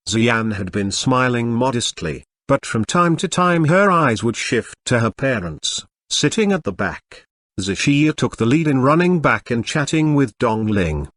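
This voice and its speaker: A man narrating a web novel as an audiobook, with steady storytelling. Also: medium pitch, no room sound.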